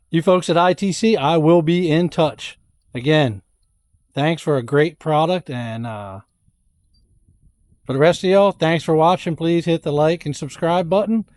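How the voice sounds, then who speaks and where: Homestead vlogger, folksy, slightly high voice, dry close sound. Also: male voice, no room sound. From Louisiana. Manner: folksy and chatty, addresses viewers as y'all and folks. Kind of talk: casual product walkthrough.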